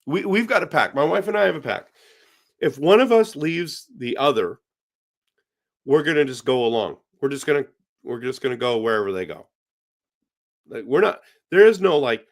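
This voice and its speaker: A middle-aged Canadian man hosts a casual hockey live stream, reading viewers' comments aloud and answering them chattily. His voice is medium in pitch.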